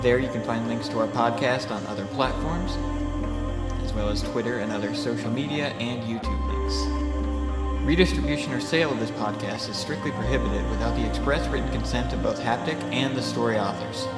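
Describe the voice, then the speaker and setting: A podcast host reading a scripted outro in an even, announcer-like way. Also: male voice, mid-range voice. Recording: roomy reverb over loud music.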